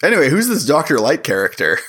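A man with an ordinary mid-range voice tells a story in a dry, offhand manner. He pauses and restarts as he goes. It is a relaxed podcast chat with friends. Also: on the high side, husky. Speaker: podcast co-host. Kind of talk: casual comedic chat.

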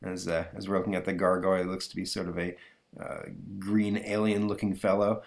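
A man's voice: low voice, little pitch movement, brisk, creaky. A man hosting a comic book review podcast, talking hesitantly with many fillers. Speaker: podcast host.

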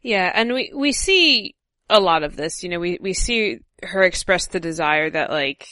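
A woman's voice: fairly low pitch, animated, moderate pace, sharp tone, no room sound, clean studio sound. A young woman co-hosting a casual book-discussion talk show, reading passages aloud with dramatic expression. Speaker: podcast co-host.

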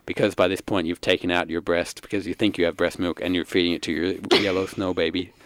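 Brief: male game master, deadpan and brisk, smooth and resonant. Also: low voice, no room sound. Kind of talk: improvised tabletop game narration. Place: studio.

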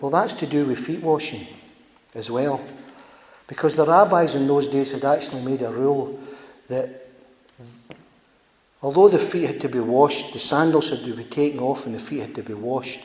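A man's voice: medium pitch, moderate pace, long pauses, a little hiss or hum. Guy preaching, chatty and emphatic, big echoey hall, kinda dull sound. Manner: conversational, emphatic, repeating phrases. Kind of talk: sermon.

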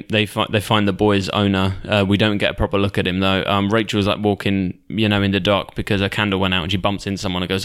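A man's voice: lowish voice, a bit bright, smooth. A young man hosting a podcast, recapping a sitcom episode in a rambling, opinionated way with lots of swearing. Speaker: podcast host.

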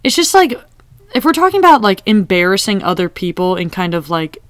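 A woman's voice: medium pitch, brisk, no room sound, clean studio sound. A young woman co-hosting a casual podcast, chatting and quoting characters as she recaps a TV episode. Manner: chatty, animated, quotes characters. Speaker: podcast co-host.

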